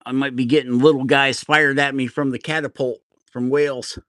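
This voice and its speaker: A man's voice: medium pitch, little pitch movement, normal speed, fairly bright tone, no echo, clean studio sound. A middle-aged man from New Jersey, chatting casually and rambling as he hosts a woodcarving livestream, laughing at himself now and then. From New Jersey, USA. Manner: rambling, self-deprecating, laughs often. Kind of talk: casual chat while carving.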